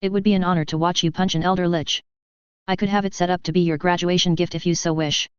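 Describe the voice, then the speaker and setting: A woman voicing a charming, courteous male vampire with smooth, courtly politeness, in an audiobook reading. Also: fairly low pitch, steady tone, quick pace, no echo, lightly acted. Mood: gallant. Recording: dull dry lo-fi audio.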